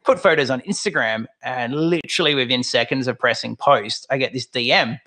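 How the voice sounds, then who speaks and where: Australian man, gravelly voice, mid pitch, lively storyteller. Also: fairly quick. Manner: animated, acts out quoted voices. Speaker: guest. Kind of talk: casual storytelling chat.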